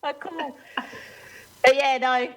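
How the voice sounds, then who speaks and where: A woman's voice: high-pitched, fairly even intonation, slow, fairly bright tone, dull audio. A woman co-hosting a casual talk show, earnest and emphatic, often restarting her sentences. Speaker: co-host. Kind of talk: casual chat.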